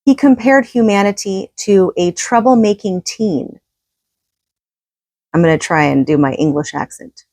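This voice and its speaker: A woman's voice: mid-range voice, a little slow, darkish tone, no echo. A woman reading from a book and commenting in a casual, opinionated, conversational way.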